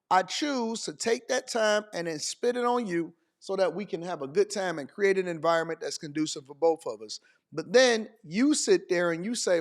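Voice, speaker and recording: A man's voice: high-pitched, vocal fry. A man giving emphatic, preachy reaction commentary, firing off rhetorical questions and repeating phrases for emphasis. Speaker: dating commentator.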